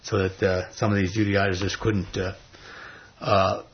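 A man teaching an informal Bible study, retelling stories in a folksy way with many fillers and lively quoted voices. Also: low-pitched, unhurried, lo-fi sound.

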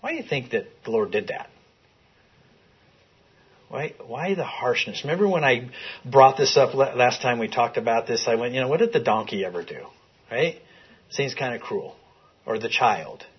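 A man's voice: medium pitch, normal speed, long pauses, breathy edge, lo-fi sound. A man teaching a Bible class in a classroom, talking conversationally and putting questions to the group. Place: classroom with a screen.

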